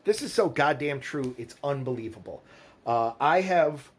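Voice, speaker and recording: A man's voice: medium pitch, expressive, normal speed. A middle-aged man telling stories in a blunt, profane, casual monologue, quoting other people as he goes. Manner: blunt, profane, storytelling with quoted voices. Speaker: vlogger.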